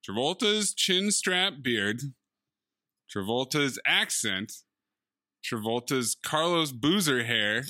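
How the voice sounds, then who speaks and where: A man co-hosting a podcast, reviewing a movie in casual chat with wry, deadpan jokes. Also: fairly high pitch, dry recording, clean studio sound. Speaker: podcast co-host.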